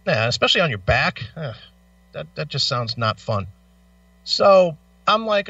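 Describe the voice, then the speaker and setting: Suffering from back pain, a radio co-host angrily tells a profane story in casual chat, swearing with animation. His mid-range voice moves a little slowly, with no echo, captured on a distant, dull lo-fi mic.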